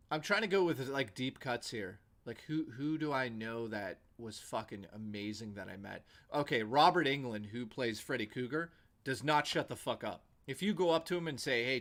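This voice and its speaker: A man's voice: medium pitch, a bit bright. A male livestream host telling rambling, profane anecdotes in a casual way, with lots of "like" fillers.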